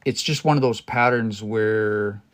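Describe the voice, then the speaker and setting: A man's voice: fairly low pitch, unhurried, smooth. Man explaining word by word on a livestream. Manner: hesitant, many restarts, explains word by word. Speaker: language teacher. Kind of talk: livestream language lesson, thinking aloud.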